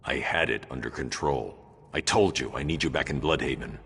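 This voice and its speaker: An actor playing a grim masked male vigilante in a video game, speaking in terse, commanding, gravelly tones. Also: rumbling low, brisk, a bit bright, full character voice. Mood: stern. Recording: game audio over music.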